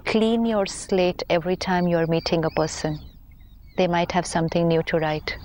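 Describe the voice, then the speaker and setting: Woman calmly giving spiritual advice. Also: on the low side, normal speed, slight background noise. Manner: explains patiently with everyday examples. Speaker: spiritual teacher. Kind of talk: calm spiritual talk show conversation.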